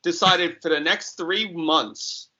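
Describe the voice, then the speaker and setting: A man from New York talks in a casual podcast chat, animated and full of chuckles. His voice is very bright and sharp, a little high for a man, and the audio comes through muffled and lo-fi. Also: slow pace. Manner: animated, talkative, chuckles often.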